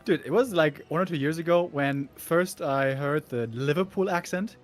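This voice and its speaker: A man co-casting a competitive strategy game, joking around and shouting when the action heats up. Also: on the high side, moderate pace, faint music behind. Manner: excitable, shouts at big plays, jokey. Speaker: esports caster. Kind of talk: casual game commentary.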